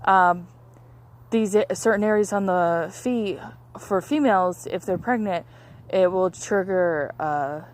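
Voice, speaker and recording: A woman's voice: lowish voice, darkish tone. A young woman, a massage therapist, casually chatting about her week with lots of fillers and restarts. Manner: rambling, many fillers and restarts. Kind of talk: casual chat.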